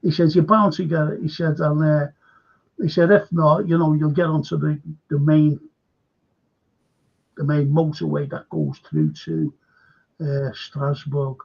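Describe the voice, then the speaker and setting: A man's voice: fairly high pitch, unhurried, vocal fry, a little mellow, husky. An older man hosting a show, telling a rambling story in casual chat and repeating himself. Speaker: host. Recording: dull lo-fi stream audio.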